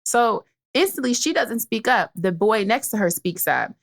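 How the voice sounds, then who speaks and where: This young woman's voice is fairly high and creaky, with lively intonation at a moderate pace. Co-hosting a podcast, she brashly recounts a story in casual chat, voicing the people involved.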